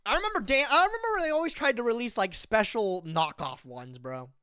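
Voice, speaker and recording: Clean studio sound with no room sound carries a smooth, brisk, medium-pitched voice. It belongs to a twenty-something streamer who talks animatedly and casually live, drops slang and "bro" constantly, and reacts to web text while reading it out.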